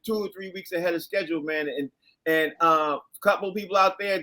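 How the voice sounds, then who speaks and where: A man's voice: sits high, sharp tone. A man hosting a casual sports talk show, chatty and laughing easily as he asks his co-hosts questions. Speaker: host.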